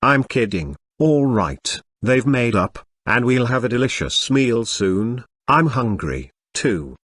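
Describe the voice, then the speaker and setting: A man's voice: mid-range voice, sing-song, takes it slowly, a bit bright, slightly rough, heavily acted. A synthetic male voice reading the whiny, joking complaints of a hungry young man in a web novel audiobook.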